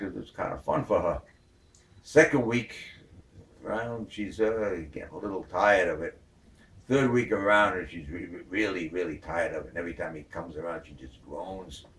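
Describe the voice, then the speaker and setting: A man telling a long joke in a rambling way, full of fillers. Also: sits low. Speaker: joke teller. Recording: echoey room from far off.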